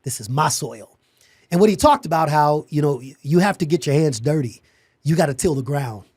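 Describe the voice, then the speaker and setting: A man with a somewhat high voice tells his own story on a podcast. He speaks with animated emphasis, restarts his sentences and laughs along the way. The recording is dry and close. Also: fairly quick, slightly rough, no echo. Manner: repeats words, restarts sentences. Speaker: podcast guest, security company owner. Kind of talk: personal storytelling in a conversation.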